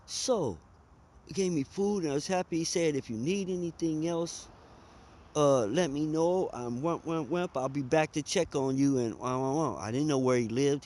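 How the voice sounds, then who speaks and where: Mellow-voiced man telling his story. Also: mid-range voice, moderate pace, a little hiss or hum. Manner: conversational, emphatic, drawls and speeds up. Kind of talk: personal storytelling monologue.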